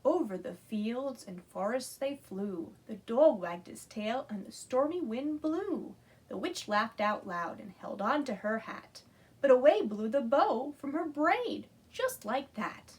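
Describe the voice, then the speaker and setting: Librarian woman reading storytime aloud, slow and animated, slightly husky. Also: on the high side. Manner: animated, asks children to join in. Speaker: children's librarian. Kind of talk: reading a picture book aloud.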